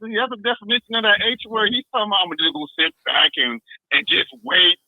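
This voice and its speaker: A man calling in to a podcast, arguing in a heated, animated, slangy way. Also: high voice, fast talker, gravelly, no room sound, phone-quality sound. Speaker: caller. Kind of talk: casual call-in chat.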